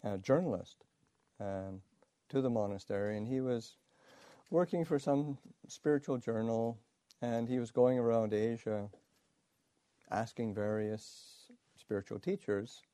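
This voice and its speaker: A Buddhist monk, a man, telling a teaching story in a halting way, full of fillers and restarts, with soft chuckles. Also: mid-range voice, steady tone, dry recording. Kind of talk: storytelling dharma talk.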